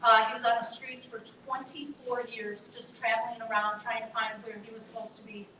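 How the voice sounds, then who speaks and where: A woman's voice: a little high, level tone, brisk, pushed and bright. A woman giving an earnest, conversational chapel talk to students, speaking directly to her listeners. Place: chapel hall. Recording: echoey hall, voice from far off, faint noise.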